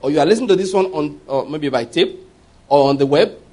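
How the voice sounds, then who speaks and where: A middle-aged man preaching a sermon, telling personal stories with animated quoted voices and laughing at his own tales. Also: fairly high pitch, quick pace. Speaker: pastor.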